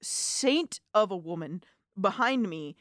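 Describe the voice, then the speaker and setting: A woman's voice: medium pitch, animated, takes it slowly, fairly bright tone, no room sound, clean studio sound. A woman in her twenties co-hosting a college radio show, telling a story in casual chat and acting out the lines she quotes. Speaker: radio co-host. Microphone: studio microphone.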